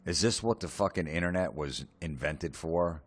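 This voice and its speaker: A man's voice: deep voice, moderate pace. A man delivering a profane, sarcastic comedic rant, mocking people in put-on voices. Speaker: comedian ranting.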